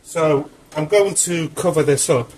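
Slow-talking breathless home cook, a man. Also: on the high side, a little mellow, slight background noise, poor audio. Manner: chatty, rambling asides. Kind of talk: casual cooking commentary. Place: home kitchen.

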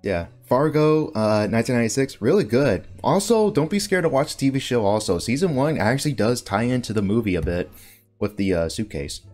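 Animated man in casual podcast chat. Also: medium pitch, fairly quick, soft background music. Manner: rambling, animated, swears casually. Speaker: podcast host.

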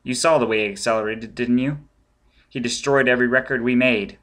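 A man's voice: mid-range voice, steady tone, a little fast, a bit bright, natural voice. A man reading an audiobook, voicing a stern male intelligence chief in close to his own voice, clipped and firm. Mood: explaining.

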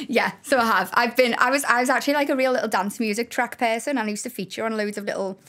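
A woman's voice: on the high side, fast talker, hardly any pauses. Chatty young Scouse woman. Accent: Scouse (Liverpool). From Liverpool, England. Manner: animated, chatty storyteller with laughs. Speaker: guest. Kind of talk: casual podcast chat.

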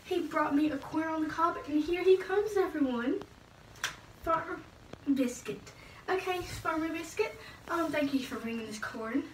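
A woman's voice: sits high, moderate pace, hardly any pauses, noisy background. A young woman performing a playful comedy sketch in a bubbly, giggly way, recorded from a distance in an echoey room.

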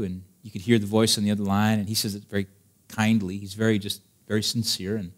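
A man's voice: lowish voice, flat delivery, fast talker. A male pastor preaching a sermon to his congregation, emphatic and direct, full of rhetorical questions. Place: church service before a congregation.

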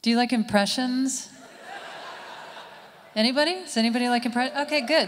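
A woman comedian performing a stand-up set live on stage, with a dry, deadpan delivery. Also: fairly high pitch, normal speed, long pauses. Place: stage at a live summit event, indoors. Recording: live hall reverb, faint room noise.

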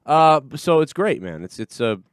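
A man's voice: fairly high pitch, very animated, moderate pace, clear, resonant tone, dry recording, clean studio sound. A man hosting a livestream show, talking casually and crudely, rambling and swearing often. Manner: rambling, crude, swears a lot, acts out voices.

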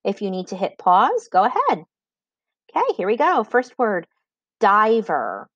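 A woman reading teacher giving a recorded spelling lesson for children, dictating words slowly and clearly with example sentences. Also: mid-range voice, huge pitch swings, fairly bright tone, dry recording, dull audio.

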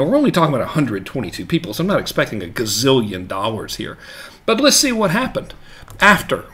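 Casual male marketing coach, average pitch, loose and jokey, chatty check-ins with the viewer. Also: a bit bright. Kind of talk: casual live-streamed teaching.

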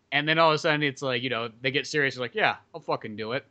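Man, casual podcast chat, bright voice, rambling, profane, lots of fillers. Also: medium pitch, very fast, lo-fi sound. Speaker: podcast co-host. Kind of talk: casual movie review chat.

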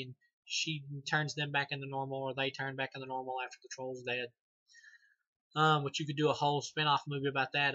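A man's voice: mid-range voice, pushed and bright, dry recording, dull audio. A man giving a casual, rambling movie review, loose and profane, laughing and restarting as he goes.

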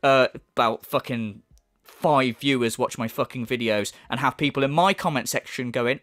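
A man's voice: mid-range voice, normal speed, a bit bright. A man commenting casually on a video, mocking and swearing a lot. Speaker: YouTuber responding.

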